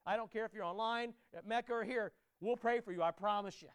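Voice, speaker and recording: Male pastor, very high voice, smooth and clear, emphatic sermon delivery with repeated words. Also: fast, no room sound. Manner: emphatic, repeats words, builds to loud climaxes.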